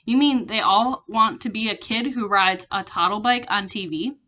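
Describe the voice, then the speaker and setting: A woman's voice: mid-range voice, normal speed, pushed and bright, natural voice. A woman reading aloud, voicing a curious, skeptical young schoolboy full of questions. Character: curious grumbling schoolboy around nine.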